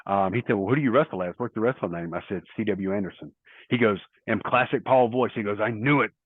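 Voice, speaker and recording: A middle-aged man in a casual interview, telling long stories and acting out quoted lines. His voice sits on the low side and comes through a thin, phone-like line. The sound is dry, with no room around it. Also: fast, slightly rough, no echo. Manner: rambling anecdotal storytelling with quoted dialogue. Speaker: interview guest, former wrestler.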